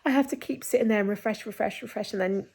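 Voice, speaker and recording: A woman's voice: mid-range voice, fast talker, a little mellow, slightly rough, poor audio. A woman, chatting casually and rambling a little as she vlogs her day, out of breath. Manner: chatty, rambling, self-deprecating. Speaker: vlogger. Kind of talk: casual vlog chat.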